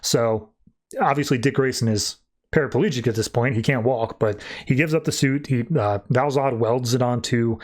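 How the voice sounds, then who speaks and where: A man's voice: mid-range voice, normal speed. A man hosting a podcast, casually recapping a comic book issue and leaning on "like" as he retells the plot. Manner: chatty, peppered with "like". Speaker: podcast host.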